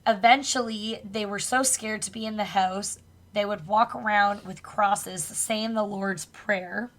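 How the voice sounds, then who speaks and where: A woman co-hosting a podcast tells a spooky true story in a relaxed, chatty way. She swears casually now and then and laughs along with her co-host. Her voice sits in an ordinary middle pitch. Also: measured pace. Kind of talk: casual chat, retelling a true crime story.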